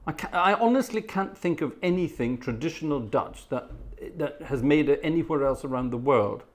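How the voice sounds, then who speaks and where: A man's voice: on the high side, animated, normal speed. Wry British man chatting on a live stream. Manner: chatty and wry, reads comments aloud then jokes back. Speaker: livestream host and organist. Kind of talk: casual live-stream chat answering viewer comments.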